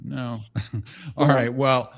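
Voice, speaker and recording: A man's voice: mid-range voice, steady tone, extremely slow, gravelly. An easygoing male host with a voice in the middle range, chatting casually with callers and his guest. He sounds bemused at times and keeps things moving. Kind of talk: casual talk show chat.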